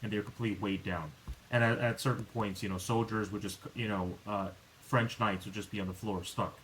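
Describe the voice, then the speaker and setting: A man's voice: on the low side, brisk, a little hiss or hum, poor audio. A man hosting a podcast, chatting casually and rambling with many restarts. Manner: rambling, many restarts and fillers, animated when exasperated. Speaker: podcast host. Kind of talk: casual chat.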